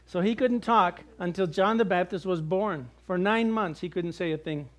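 A man's voice: sits high, normal speed. A man preaching a sermon in a conversational way, with jokes and acted-out quotes. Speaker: pastor.

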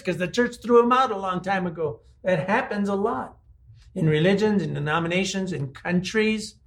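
A man's voice: high voice, normal speed, fairly bright tone. A man preaching a conversational sermon, asking his listeners many rhetorical questions. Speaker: pastor.

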